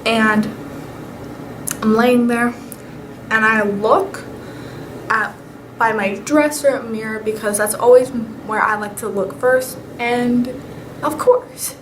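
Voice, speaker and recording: A young woman vlogger telling paranormal stories in a casual, animated way. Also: fairly high pitch. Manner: chatty, animated, with whispered asides. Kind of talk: casual storytelling. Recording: echoey room with clear background noise.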